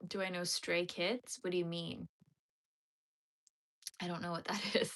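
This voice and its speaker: Woman, bright voice, casual livestream chat, answering viewer comments. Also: on the low side, flat delivery, measured pace. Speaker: crochet livestream host.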